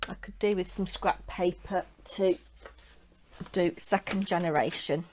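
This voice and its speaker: Woman host, lowish voice, casual self-chatting craft tutorial. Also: steady tone, measured pace, darkish tone, a little hiss or hum. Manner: chatty, talks to herself while working.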